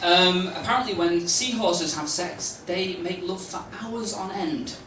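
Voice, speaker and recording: Comic stammering through a roomy live set. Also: male voice, high voice, a little slow. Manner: rambling, hesitant, full of stammered restarts and deadpan asides. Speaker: stand-up comedian. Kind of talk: stand-up comedy routine. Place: comedy club stage with a live audience. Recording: roomy live club recording from a distance, noisy.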